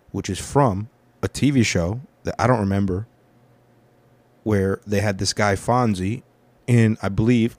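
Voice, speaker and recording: A man's voice: on the low side, a little mellow, no room sound. A young man hosting his own podcast, telling about his week in a meandering, profane and self-deprecating way. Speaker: podcast host. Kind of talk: rambling casual monologue.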